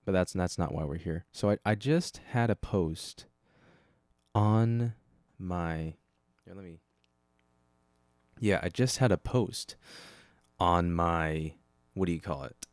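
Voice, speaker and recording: A man's voice: low voice, takes it slowly, pauses often, no echo, studio quality. A man hosting a casual solo podcast, rambling and correcting himself as he goes, speaking into a desk microphone. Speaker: podcast host.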